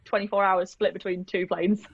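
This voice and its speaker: A woman's voice: mid-range voice, level tone, normal speed, husky, no room sound, muffled recording. A woman from the United Kingdom, chatting casually and self-deprecatingly as a guest on a video call. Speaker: guest, airsoft player and vlogger. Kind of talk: casual interview chat.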